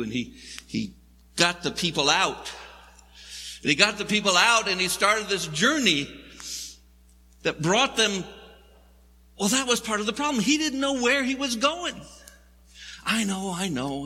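Husky, bright-voiced preacher with reverb. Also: male voice, a little high. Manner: conversational, wry storytelling with jokes. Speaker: pastor. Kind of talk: sermon.

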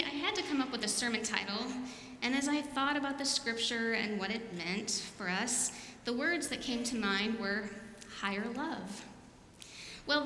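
A woman's voice: a little high, sharp tone, slight background noise. A woman pastor, asking questions and leading a repeat-after-me prayer in a church sanctuary. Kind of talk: sermon and children's message. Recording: echoey hall with long reverb.

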